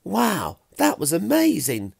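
A man voicing a clever, eager Stone Age boy with a bright, excited delivery. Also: medium pitch, moderate pace, no room sound, clean studio sound, voice pushed up. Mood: thrilled.

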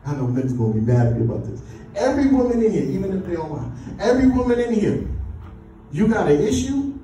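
Man preaching, high voice, call-and-response, booming echoey hall, faint ambience. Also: sing-song, fast talker, mellow, slight background noise. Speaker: pastor. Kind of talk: sermon. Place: church. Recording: echoey church from far off.

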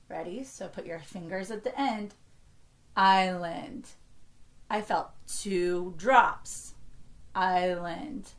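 An American teacher in her thirties, her voice on the low side, gives an early-grade reading lesson. She carefully sounds out words for young children.

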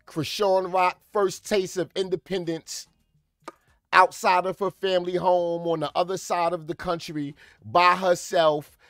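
A man delivers profane comedic reaction commentary in a slow, gravelly voice, ranting and breaking into sudden shouts. The sound is dry and close, with faint music underneath. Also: high voice, no echo.

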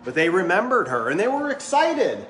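Joking pastor in an echoey hall. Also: male voice, high voice, wildly swooping pitch, normal speed, background noise. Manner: joking, conversational preaching. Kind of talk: sermon. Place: church sanctuary.

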